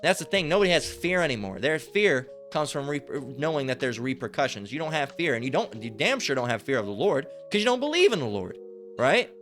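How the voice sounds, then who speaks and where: A man's voice: a little high, very animated, fairly quick, a bit bright, faint music behind. A man preaching a fiery, profane sermon, reading scripture aloud and often breaking off with "all right?" asides. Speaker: street-style preacher.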